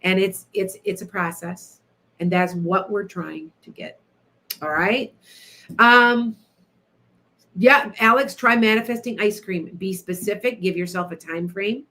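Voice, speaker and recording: A middle-aged woman chats through a story on her radio show. Her pitch sits mid-range. She sounds animated, laughs often and speaks to listeners by name. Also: a little slow. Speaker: radio show host, psychic.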